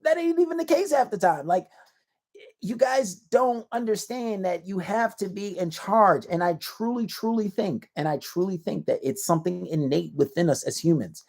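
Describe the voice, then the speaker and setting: A man's voice: sits high, lively intonation, normal speed, vocal fry, a little mellow. A man giving casual dating advice to camera in a blunt, self-assured, slangy lecturing manner.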